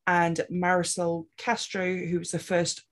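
A woman co-hosting a podcast, speaking slowly and playfully. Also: on the low side, little pitch movement. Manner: slow, drawn-out, playful. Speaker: podcast co-host. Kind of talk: casual chat.

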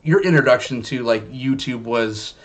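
A man's voice: medium pitch, moderate pace. Guy hosting a live stream, lots of uhs and likes, goofy and chatty. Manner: jokey, rambling, many fillers. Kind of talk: casual live stream chat.

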